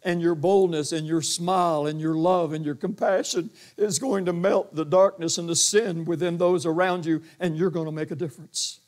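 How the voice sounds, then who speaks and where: An older man preaching a sermon in a church, with a booming voice and a rambling delivery full of restarts and acted-out quotes. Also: steady tone, moderate pace, few pauses, darkish tone. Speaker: pastor. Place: church sanctuary.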